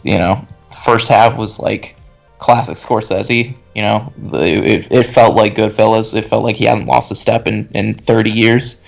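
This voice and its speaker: A man's voice: lowish voice, vocal fry. A man hosting a podcast, chatting casually about films with many fillers and restarts over a call. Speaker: podcast host. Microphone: video call.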